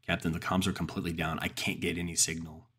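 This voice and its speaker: A rattled crewman on a failing undersea station, as a man voices him, speaks tense and frantic. His voice stays deep and husky in this horror story. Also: little pitch movement, quick pace, fairly bright tone.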